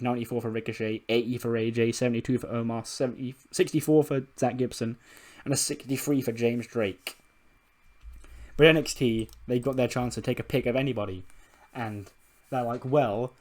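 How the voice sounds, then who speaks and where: A man's voice: mid-range voice, a little mellow. A man casually narrating a wrestling management game in a loose, rambling way, swearing freely. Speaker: let's play creator.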